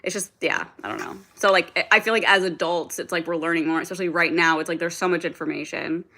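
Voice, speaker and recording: A woman's voice: on the low side, quick pace, pushed and bright. A young woman hosting a casual livestream, rambling with lots of "like" and swearing while reading and answering viewer comments. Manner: rambling, heavy filler "like", frequent swearing, reads and answers chat. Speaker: livestream host.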